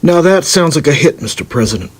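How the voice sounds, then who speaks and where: A man doing an impression of an eager, deferential male vice president who talks quickly. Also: fairly high pitch, lively intonation, breathy edge. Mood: fawning. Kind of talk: celebrity impression on a livestream.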